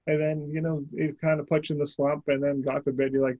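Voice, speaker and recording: A man's voice: on the high side, fairly even intonation, a little fast, few pauses, mellow, dry recording, highs cut off. A man hosting an interview, chatty and self-deprecating, acting out what friends say. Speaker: host. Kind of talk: casual interview chat.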